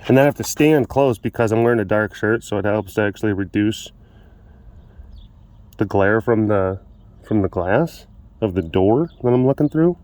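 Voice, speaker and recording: A man with a lowish, darkish voice and a moderate pace chats casually in a vlog from an animal compound for big cats. He films through a glass door on a phone kept close, rambling, chuckling, and poking fun at himself.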